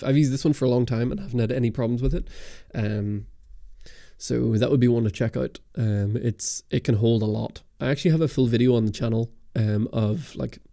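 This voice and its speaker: A man's voice: medium pitch, vocal fry, dark tone, no echo, studio quality. A young man hosting a livestream camera Q&A, chatting casually and rambling with lots of ums and restarts. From Ireland and Britain. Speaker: camera channel host. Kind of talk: livestream Q&A, reading chat. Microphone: studio dynamic mic.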